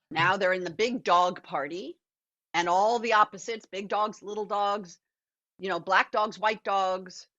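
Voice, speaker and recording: An older woman, an actor and author, being interviewed over a video call, telling earnest, animated stories from her life. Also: fairly low pitch, muffled recording. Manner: animated, earnest, laughs often. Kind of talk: reflective conversational storytelling.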